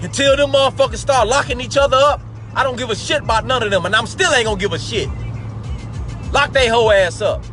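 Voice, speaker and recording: High-voiced man ranting in heated fury. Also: fast talker, a bit bright. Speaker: live talk show host. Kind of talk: angry commentary monologue. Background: faint background music.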